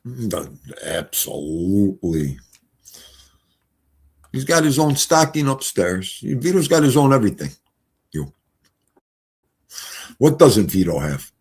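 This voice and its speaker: A low, gravelly man chats casually on a live stream. He rambles through folksy stories in a husky, raspy tone. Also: sing-song, slow, pauses often, darkish tone.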